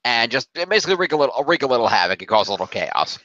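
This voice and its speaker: A man's voice: medium pitch, very animated, very fast, sharp tone, dry recording. A man hosting a casual review podcast, recapping a story at length with lots of fillers. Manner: rambling plot recap with many fillers. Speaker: podcast host. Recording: dull lo-fi dry recording.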